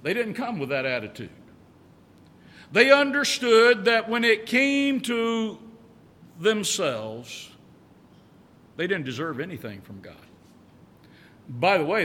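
A man's voice: medium pitch, fairly bright tone, big-room sound, slight background noise. A male pastor preaching a sermon in a church, folksy and repetitive, drawing out key words. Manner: folksy, repeats phrases, stretches key words.

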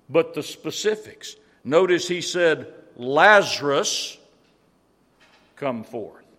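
Earnest preacher in a reverberant hall. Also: male voice, on the high side. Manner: earnest and repetitive, restarting phrases for emphasis. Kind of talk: sermon.

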